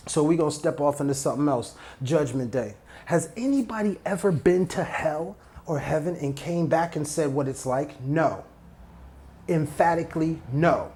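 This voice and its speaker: A man's voice: on the high side, a little mellow. A man talking through a solo podcast in a loose, repetitive style. He drifts off on tangents and circles back, punching key phrases by saying them again and again. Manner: repetitive, emphatic, digressive street-casual talk. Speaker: podcast host. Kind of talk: solo motivational podcast monologue.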